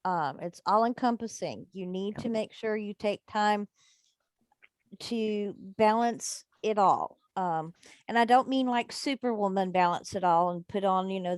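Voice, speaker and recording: A woman on a group video call, reflecting thoughtfully with frequent pauses and fillers. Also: mid-range voice, darkish tone, dry recording. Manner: reflective, hesitant with many fillers. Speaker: member of an online business group.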